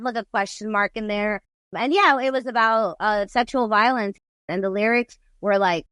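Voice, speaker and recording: A woman's voice: on the high side, normal speed, a bit bright, no echo. A woman in her forties, a guest artist and musician, talking candidly and rambling in a casual interview, with lots of "like". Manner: candid, rambling, heavy use of "like".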